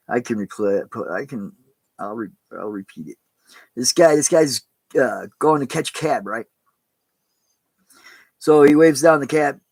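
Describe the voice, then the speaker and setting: A man's voice: mid-range voice, creaky, dry recording, poor audio. A man, a pastor, giving a casual, rambling sermon in plain spoken words with some mild cursing. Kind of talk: casual streamed sermon talk.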